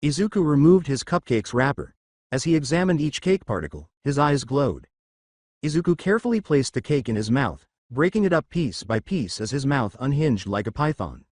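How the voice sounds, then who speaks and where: A man narrating a fan fiction story, reading from a script with expressive storytelling. His pitch rises and falls a lot, and the sound is close and dry. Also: moderate pace, no room sound.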